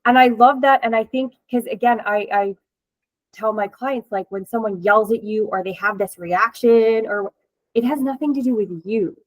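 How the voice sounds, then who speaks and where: A woman's voice: fairly high pitch, moderate pace, no echo, poor audio. Chatty woman host, dry close sound. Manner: chatty, laughs often, many fillers. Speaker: host and coach. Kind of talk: casual interview chat.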